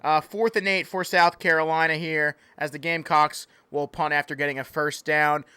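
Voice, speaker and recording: A man's voice: on the high side, steady tone, normal speed, bright, forceful tone, clean tone, no room sound. A man calling play-by-play in a joking mock sports broadcast, playful and easily sidetracked. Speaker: play-by-play commentator.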